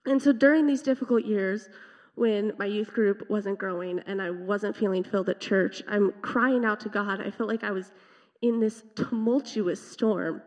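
With a steady, mid-range voice at normal speed, a teen girl offers a personal testimony in a church sanctuary during a youth worship service. Her storytelling is earnest and reflective, punctuated by small laughs, and the audio is dull with long reverb from the hall.

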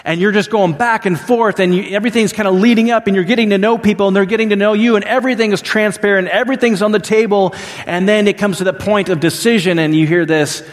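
A middle-aged man preaching a sermon, telling stories in a conversational way that swings between lively and hushed. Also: high voice, quick pace. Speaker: pastor. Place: church sanctuary. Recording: long reverb of a large hall.

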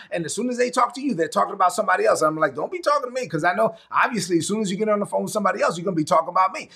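A man preaching a sermon as pastor, animated and acting out the people he quotes. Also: sits high, gravelly.

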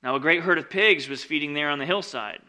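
Bright-toned casual preacher man. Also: fast. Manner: conversational, with frequent "like" and "right?" asides; swings between loud emphatic reading and quiet lowered asides. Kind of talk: casual sermon, reading and explaining scripture.

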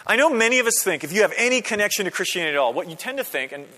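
A man's voice: sits high, very animated, rapid-fire, bright, forceful tone. A man preaching a sermon to a congregation in a conversational style, checking in with questions and building to emphatic peaks. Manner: builds to emphatic, rising climaxes. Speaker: pastor. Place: church sanctuary. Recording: long reverb of a church hall.

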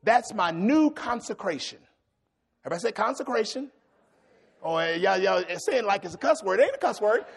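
A man's voice: high voice, fairly quick, vocal fry, husky. A middle-aged man preaching a sermon, telling stories animatedly and calling out to the congregation. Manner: animated storytelling, shouting at peaks, call-and-response with congregation. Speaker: pastor.

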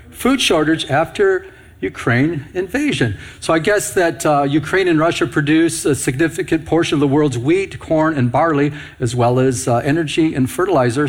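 A middle-aged man preaches on prophecy in a slightly raised voice. He reads headlines and verses aloud and keeps putting questions to his listeners. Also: fairly high pitch. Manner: asks rhetorical questions to the audience, reads news headlines aloud. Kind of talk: prophecy teaching sermon.

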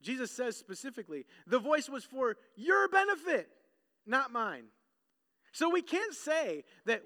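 Male pastor, very high and bright voice, animated sermon delivery, reverberant hall sound. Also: measured pace. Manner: animated preaching, acts out voices of the crowd.

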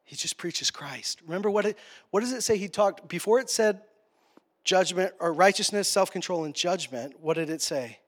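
A male pastor preaching a sermon, passionate, swinging between quiet, tender passages and loud, urgent ones. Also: high voice, animated, normal speed.

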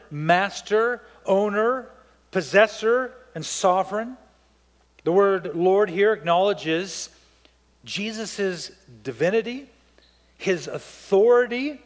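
A man's voice: high-pitched, in a large hall. A man preaching a sermon as pastor to his church, with emphatic rises and drops.

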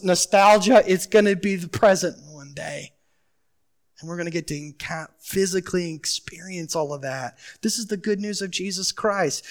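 A man preaching a sermon as pastor, emphatic, asking the congregation questions and swinging from loud urgency to quiet pleading. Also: high-pitched.

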